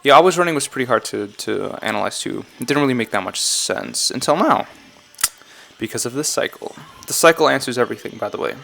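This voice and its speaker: A man talks loosely through song lyrics for his channel, in a mid-pitched, unhurried voice. He drifts between thoughts, corrects himself mid-sentence and keeps sounding unsure of his own readings. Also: lively intonation, vocal fry, sharp tone. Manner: rambling, self-correcting, often unsure. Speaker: YouTuber analyzing game song lyrics. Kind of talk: casual commentary vlog.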